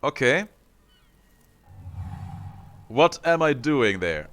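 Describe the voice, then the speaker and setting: A man's voice: medium pitch, very animated, slow pace, long pauses, fairly bright tone, clear, resonant tone. A man playing a video game, casually commenting and reading the game's text aloud in a playful, amused way. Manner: playful, amused, chuckles often. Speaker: gaming streamer.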